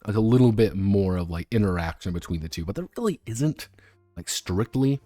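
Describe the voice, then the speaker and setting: A man's voice: fairly low pitch, expressive, fairly quick, mellow, dry recording. A man streaming a casual, rambling talk about tabletop games, full of fillers and the odd curse. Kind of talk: casual unscripted commentary. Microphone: streaming microphone.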